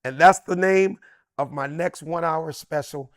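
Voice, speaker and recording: A middle-aged man, a comedian, telling a story with excitable swings into loud, high bursts. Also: normal speed, no room sound, studio quality. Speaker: comedian guest. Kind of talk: animated storytelling.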